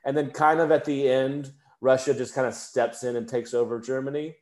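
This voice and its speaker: A man's voice: mid-range voice, little pitch movement, fairly quick, darkish tone. Enthusiastic young man, echoey room. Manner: enthusiastic, storytelling. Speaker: podcast co-host. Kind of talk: casual chat.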